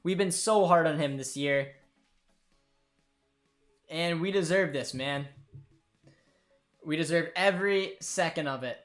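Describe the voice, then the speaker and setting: A young man hosting a live football watchalong, reacting with excitement and emotion and talking to his viewers. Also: on the high side, a little slow, pauses often, faint music behind. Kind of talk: live match watchalong commentary.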